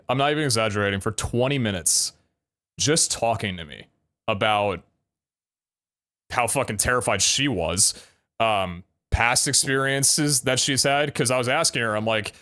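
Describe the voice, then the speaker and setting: A man's voice: medium pitch, a bit bright, clean tone. A young adult man streaming live, telling a story casually, full of laughs and casual swearing.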